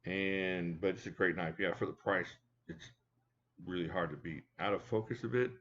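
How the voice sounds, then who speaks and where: A low-voiced man with a drawl chats loosely on a home live stream, greeting viewers by name and cracking jokes. The audio is a bit dull and lo-fi. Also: normal speed, a bit bright. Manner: chatty, joking, talks to viewers by name. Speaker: live stream host reviewing knives. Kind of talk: casual live chat reading viewer comments. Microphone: desk mic at a home setup.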